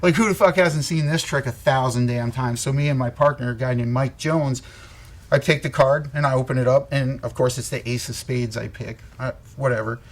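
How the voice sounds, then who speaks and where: A man's voice: mid-range voice, steady tone, brisk. A man telling a long war story in casual, profane, rambling talk, laughing as he goes. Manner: rambling, swears a lot, laughs often. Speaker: co-host.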